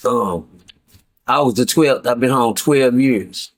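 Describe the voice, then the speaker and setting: A man's voice: medium pitch, takes it slowly. A middle-aged man telling a story to viewers in a casual, profane way, stammering and repeating himself as he goes. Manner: profane, repetitive, stammering restarts. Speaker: guest storyteller.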